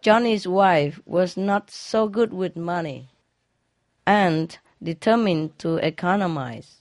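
Slow, chuckling joke teller with a dry, close sound and loose grammar. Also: medium pitch, no room sound. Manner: laughs at own jokes, non-standard grammar. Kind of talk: telling a string of jokes.

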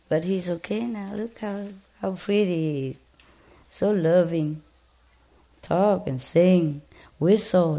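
A woman with a deep, low voice talks slowly and tenderly to a parrot, coaxing it in plain, broken English. She sounds like a bird rescuer chatting casually with her viewers. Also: darkish tone.

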